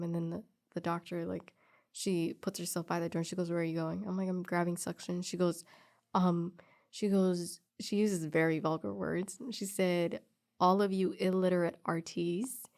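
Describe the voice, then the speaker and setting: A woman's voice: lowish voice, normal speed. A woman casually recounting a story, acting out the other people's lines and laughing often. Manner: animated, quotes people in dialogue, laughs often.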